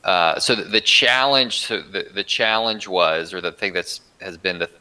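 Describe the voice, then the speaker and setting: A man as a podcast guest, telling a personal story in an earnest, reflective way with halting restarts. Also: low-pitched, bright, forceful tone, clean tone, rough recording.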